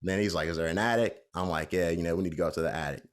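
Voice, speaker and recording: Deep-voiced guy on a podcast just rambling thru a story, lots of da da da. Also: very fast, smooth. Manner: rambling anecdote with fillers like "da, da, da". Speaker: podcast co-host. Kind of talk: casual storytelling chat.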